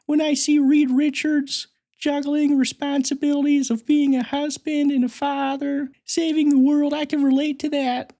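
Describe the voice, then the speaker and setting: A man's voice: very high voice, little pitch movement, moderate pace, vocal fry, hardly any pauses, dark tone, voice pushed up. A man voicing a pompous, nerdy male superfan podcaster who brags, rambles and giggles. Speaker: fake guest.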